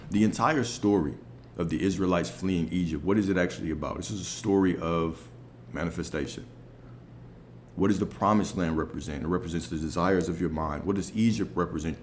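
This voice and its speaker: A man with a deep, low-pitched voice talks through a spiritual lesson in a loose, conversational way. He keeps checking in with his listeners with quick rhetorical questions. A faint hiss sits under the recording. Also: a little mellow. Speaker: spiritual coach. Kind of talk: spiritual teaching monologue.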